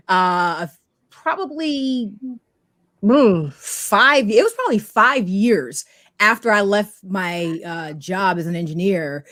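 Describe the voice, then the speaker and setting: A middle-aged woman guest telling her career story in an animated way, acting out the voices in her anecdotes. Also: medium pitch, takes it slowly, no room sound, studio quality. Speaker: guest, technology media expert. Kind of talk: storytelling interview talk.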